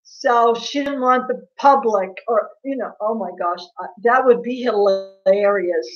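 A woman chats casually on her livestream in a fairly high voice. She gossips, laughs, and answers viewers by name. The audio is dull and lo-fi, as from a built-in mic. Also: a little slow. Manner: gossipy, laughing, reads viewer comments aloud. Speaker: livestream host.

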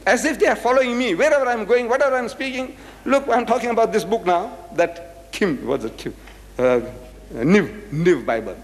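A man's voice: high-pitched, expressive, normal speed. Emphatic older man lecturing in a hall. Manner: emphatic, rhetorical questions to the audience. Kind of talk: religious debate lecture. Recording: hall with long reverb.

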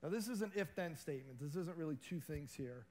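A man's voice: fairly high pitch, expressive, brisk, darkish tone. A man giving a sermon as a guest preacher in a church, earnest and conversational.

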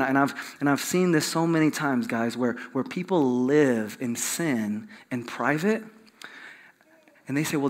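A middle-aged man preaching a sermon in a church in a conversational way, with many fillers and repeated words. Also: mid-range voice. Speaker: pastor.

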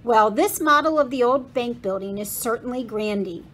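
A woman's voice: a little high, normal speed, a bit bright. A woman reading the part of a playful schoolboy who jokes in a wry, easy way.

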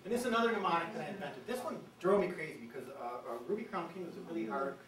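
A man giving a lively, jokey bird talk to an audience, breaking into bird-call imitations. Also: on the high side, racing, crowd noise. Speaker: bird expert giving a presentation. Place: meeting room with an audience. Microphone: distant from the microphone. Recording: echoey room from far off.

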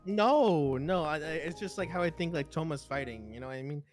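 A woman's voice: deep voice, animated, a little fast. A young woman streamer chatting casually and playfully in slangy talk. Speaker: guest streamer. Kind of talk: casual chat. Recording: stream audio with background music.

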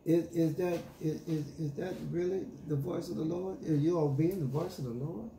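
A man's slightly high, dark-toned voice carries at normal speed through an echoey church with faint ambience and slight background noise. He's a pastor preaching a sermon: reading scripture, inviting call-and-response, and emphatically paraphrasing it in casual slang.

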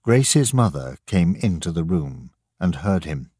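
A man narrating a story slowly and deliberately for English learners. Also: sits low, big pitch swings, warm tone, no room sound, clean studio sound. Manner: slow, clear, deliberate reading.

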